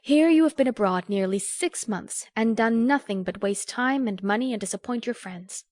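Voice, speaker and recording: A woman reading an audiobook, voicing an earnest, sharp-tongued young woman who lectures a friend in a crisp, scolding way. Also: fairly high pitch, normal speed, no room sound, clean studio sound, voice pushed up, lightly acted. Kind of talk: audiobook character voice.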